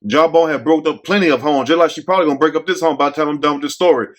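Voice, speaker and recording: A man's voice: a little high, rapid-fire. Blunt, joking man hosting a commentary show. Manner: blunt, joking, rhetorical questions to the audience. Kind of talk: casual storytelling commentary.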